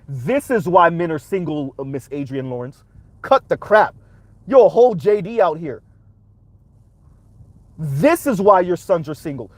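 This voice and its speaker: A man's voice: a little high, no room sound. A man hosting a reaction commentary, talking emphatically and punctuating his points with rhetorical "right?"s. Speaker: commentary channel host.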